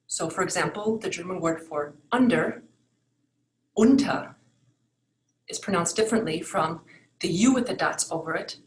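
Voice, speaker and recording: A woman teaching a recorded language lesson, explaining patiently and slowing down to model each example word clearly. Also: lowish voice, roomy sound, rough recording. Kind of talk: recorded online lesson with slides.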